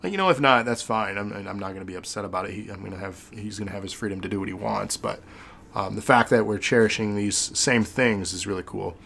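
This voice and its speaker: A man's voice: lowish voice, fast talker, gravelly, fairly bright tone, slight background noise. A man hosting a podcast, chatting casually in a rambling, sentimental way with many fillers. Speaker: podcast host.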